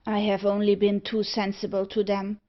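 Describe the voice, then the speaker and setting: A woman voicing a haunted young gentleman in a gothic audiobook, speaking gravely and earnestly about a fate he cannot escape. The audio is slightly dull and lo-fi, and the pitch sits in a middle range. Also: completely flat delivery, moderate pace, lightly acted. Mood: brooding. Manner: earnest, brooding. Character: young gentleman with a dark secret.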